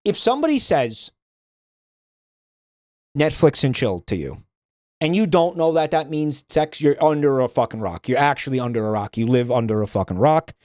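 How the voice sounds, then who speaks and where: A man's voice: medium pitch, expressive, moderate pace, darkish tone, dry recording, studio quality. A man streaming, ranting bluntly and swearing a lot in casual livestream commentary.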